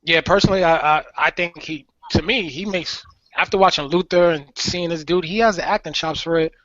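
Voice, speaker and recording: A man's voice: on the high side, fairly quick, a bit bright. A young man co-hosting a podcast in casual chat, emphatic and slangy as he gives his opinions. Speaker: podcast co-host. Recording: dry dull lo-fi podcast audio.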